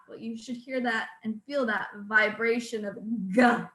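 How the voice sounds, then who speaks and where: Bright, slow-spoken woman leading voice drills. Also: a little high. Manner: calm, instructive, counts out drills. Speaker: speech-language pathologist leading voice exercises. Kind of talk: guided exercise class. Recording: echoey room.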